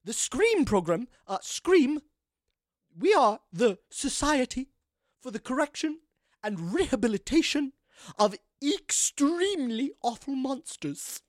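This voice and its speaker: A man voicing a prim female town mayor in a tabletop game, with crisp consonants and an odd put-on accent. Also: very high-pitched, very animated, takes it slowly, no room sound, studio quality, pitched above the performer's own voice, full character voice. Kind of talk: tabletop game role-play.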